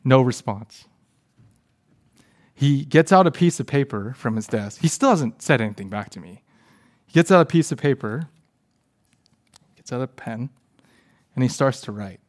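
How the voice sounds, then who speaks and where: A man in his thirties giving a sermon, telling a personal story and often dropping to a soft hush. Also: mid-range voice, animated, normal speed, pauses often. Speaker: pastor.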